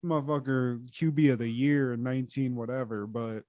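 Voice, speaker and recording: A man co-hosting a podcast, retelling a sitcom episode in a profane, animated, casual way. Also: brisk, no echo, highs cut off. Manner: profane, animated retelling, trails off low when addressing his co-host. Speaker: podcast co-host.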